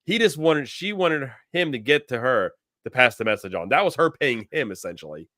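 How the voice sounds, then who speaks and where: A man's voice: mid-range voice, sing-song, a little fast, sharp tone, dry recording, studio quality. A man co-hosting a podcast in casual, easygoing chat. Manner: easygoing, laughs often. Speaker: podcast co-host.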